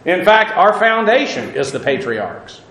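A man's voice: high-pitched, big pitch swings, a little slow, fairly bright tone, reverberant, poor audio. A man teaching a Bible lesson as a sermon, talking in a loose conversational way with fillers and small laughs.

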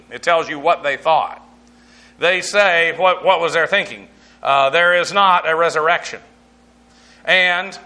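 A man's voice: fairly high pitch, pushed and bright. A man teaching through a Bible passage verse by verse, explaining Greek words and spelling them out, in a conversational way with frequent fillers.

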